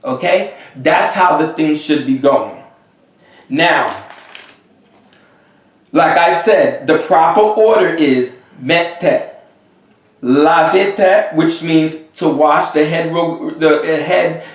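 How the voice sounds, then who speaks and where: Emphatic high-voiced man in an echoey room. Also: slow pace, long pauses, distant mic. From Haiti. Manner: emphatic and exasperated, often checking in with "okay?" and "you see?". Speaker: Vodou priest giving advice. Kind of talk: unscripted advice monologue. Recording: very echoey room, voice away from the mic.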